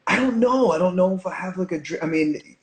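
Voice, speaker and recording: A man chatting as an interview guest, telling stories in an animated way with quick asides. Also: high voice. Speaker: guest, stage performer. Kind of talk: casual interview chat. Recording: echoey room.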